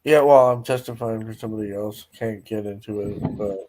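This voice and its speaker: A man chatting casually in an online voice chat, telling a story bluntly with profanity and halting fillers. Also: on the low side, over a noisy crowd, poor audio.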